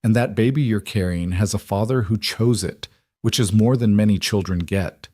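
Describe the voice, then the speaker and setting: A man voicing an older woman midwife who speaks with blunt, calm authority. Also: lowish voice, normal speed, no echo, clean studio sound, natural voice. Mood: blunt, firm. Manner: blunt, commanding.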